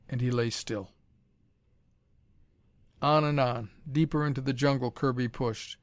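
Male narrator for a pulp adventure audiobook, steady and measured, clear resonant tone, dry sound. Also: mid-range voice, no echo.

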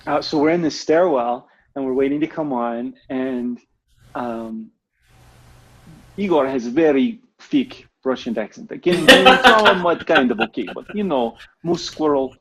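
A man's voice: medium pitch, a little hiss or hum. A man in casual chat, telling rambling stories with many restarts and giggles. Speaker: bandleader and podcast co-host. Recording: dull lo-fi sound.

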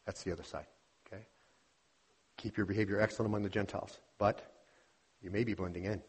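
A man's voice: on the low side, fairly even intonation, quick pace, darkish tone, breathy edge. A man preaching an earnest teaching sermon from a church pulpit, calling his listeners beloved as he explains scripture. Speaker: pastor. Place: church sanctuary.

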